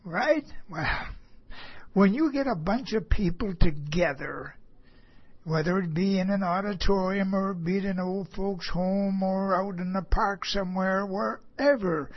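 A preacher unhurriedly tells a personal story from the pulpit as a sermon, leaning on repeated phrases for emphasis. His mid-range voice has a husky, breathy edge and a measured pace, heard through a dull, lo-fi recording.

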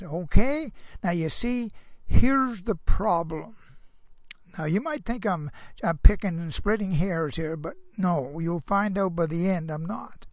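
Speaking slowly in a high, expressive voice with a darkish tone, an older man tells a folksy Christian moral story. He wanders, laughs quietly to himself and keeps posing rhetorical questions to the listener, all in clean studio sound without echo.

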